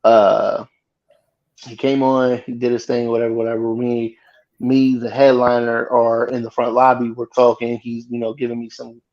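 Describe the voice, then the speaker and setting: A man, a guest comedian, telling a story in casual chat with lively, freely swearing delivery. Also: mid-range voice, normal speed, muffled recording. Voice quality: animated retelling, swearing freely.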